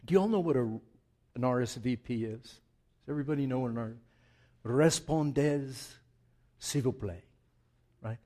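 A man preaching a sermon, moving from quiet, intimate remarks to loud, emphatic passages with conversational asides to the congregation. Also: mid-range voice, expressive, fairly quick. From Southwest United States. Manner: dynamic, swings from hushed to loud and emphatic. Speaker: pastor.

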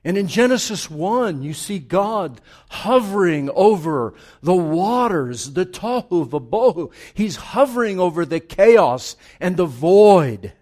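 Man, sermon, slightly high voice, hushed asides, loud emphatic builds, repetition for stress. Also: sing-song, slow pace, few pauses. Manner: repeats words for emphasis. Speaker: preacher.

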